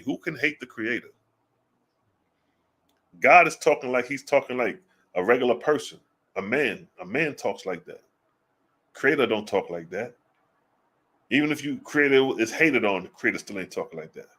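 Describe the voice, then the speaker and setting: A man giving casual religious commentary, blunt and profane, firing off rhetorical questions and slowing down to read scripture aloud. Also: medium pitch, animated, a bit bright. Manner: reads scripture slowly and deliberately.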